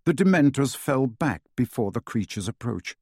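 A man's voice: mid-range voice, very animated, normal speed, a little mellow, husky, no echo, studio quality. A man narrating an audiobook dramatically, with varied pacing.

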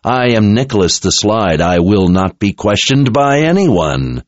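A man's voice: on the low side, very animated, measured pace, no echo, voice pushed up. Nicholas, a man doing a drawling, haughty sorcerer. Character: haughty, arrogant male sorcerer, vain and impatient. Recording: dull lo-fi recording.

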